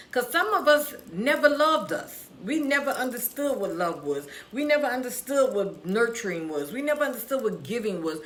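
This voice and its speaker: A woman's voice: fairly high pitch, fairly bright tone, echoey room. A woman hosting a live stream from her cafe, giving encouraging, preachy talk to viewers she calls y'all. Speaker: livestream host and author. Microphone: phone or camera live stream.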